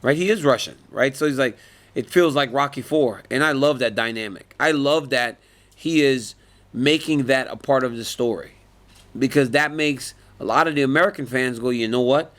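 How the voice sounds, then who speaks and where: A man's voice: mid-range voice, normal speed. A man in his forties, an MMA fighter, answering reporters in a casual media interview, telling stories with lots of laughter. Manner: animated storytelling, laughs often.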